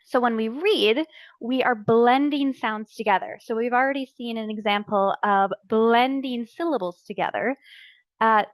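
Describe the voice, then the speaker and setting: A woman presenting a training session for early childhood educators, explaining letters and sounds clearly and deliberately. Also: on the high side, no echo. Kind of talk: instructional narration.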